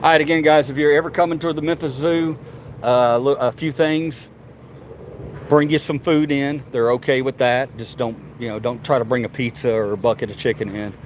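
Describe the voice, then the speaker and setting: A man with a drawl talks in a loose, chatty way, addressing his viewers and the animals as he goes. He records on a handheld phone outdoors, and his voice sits at an ordinary middle pitch. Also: steady tone, brisk, slight background noise. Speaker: vlogger. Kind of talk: casual walking vlog. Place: outdoors at a zoo.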